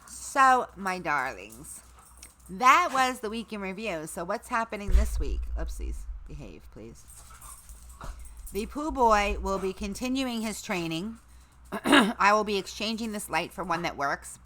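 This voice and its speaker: A middle-aged woman hosting a casual livestream, chatting to her viewers, her equipment and her dogs, her voice going hoarse. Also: medium pitch, big pitch swings, a little slow, sharp tone. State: losing her voice. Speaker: livestream host.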